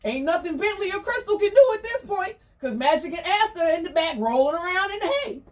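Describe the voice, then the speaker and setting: A woman telling a story in a chatty, slangy, gossipy way, full of animated asides. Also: extremely high pitch, a little fast, distant mic.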